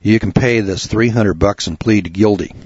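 Folksy low-voiced radio host, husky. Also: male voice, moderate pace, darkish tone, no room sound, dull audio. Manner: plainspoken, repeats words, gets worked up. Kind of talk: folksy storytelling monologue.

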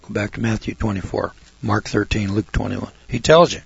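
A man's voice: lowish voice, steady tone, a little fast, vocal fry, husky, dry recording. A man preaching in a blunt, folksy monologue, speaking straight to his listeners as a radio preacher and commentator. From United States. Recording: dull lo-fi dry recording.

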